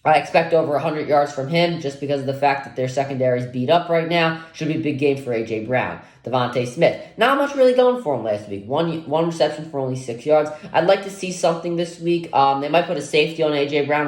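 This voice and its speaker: A young man giving a casual solo football preview, rambling with lots of fillers. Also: medium pitch. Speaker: sports vlogger previewing a game. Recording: echoey room.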